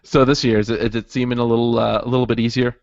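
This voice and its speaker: Male podcast co-host, casual and halting, dry dull recording. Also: mid-range voice, little pitch movement, vocal fry, no echo. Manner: chatty, laughs easily, halting with many restarts. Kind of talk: casual chat. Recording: dull lo-fi audio.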